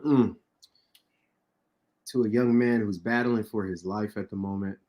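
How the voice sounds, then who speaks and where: An American man co-hosting a sports podcast, earnest and halting, clearing his throat as he speaks. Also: lowish voice, steady tone, dark tone. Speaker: podcast co-host. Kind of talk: casual podcast talk and spoken prayer.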